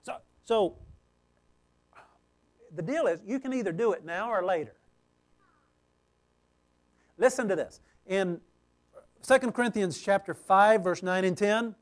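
A man with a high voice preaching a sermon. He speaks emphatically, turns to the crowd with frequent "okay?" checks, and moves between raised, pleading lines and soft, low asides. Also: measured pace, long pauses. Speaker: pastor.

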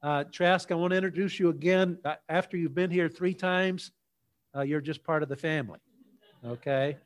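A man with a fairly high-pitched voice preaches a church sermon. He starts with a folksy, leisurely joke story before moving into his teaching.

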